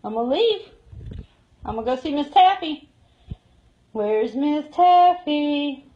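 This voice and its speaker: Woman shelter guide, high voice, unhurried, cooing at the cats; slightly dull phone recording. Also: animated. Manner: coos and baby-talks to cats. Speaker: cat shelter tour guide. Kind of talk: live-streamed shelter tour. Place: indoor cat shelter.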